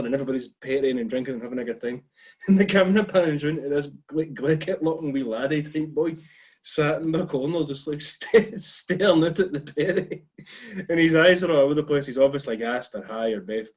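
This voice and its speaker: Scottish male podcast co-host, bit high, lively banter, muffled lo-fi recording. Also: fast. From Scotland. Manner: laughing, enthusiastic banter. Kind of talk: casual chat.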